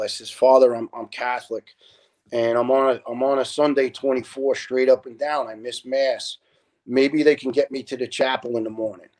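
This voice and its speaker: A middle-aged retired fire lieutenant, a guest in a casual interview, telling stories earnestly and acting out the people in them. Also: male voice, mid-range voice, darkish tone, rough recording. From New York. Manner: earnest storyteller, quotes people in their own voices.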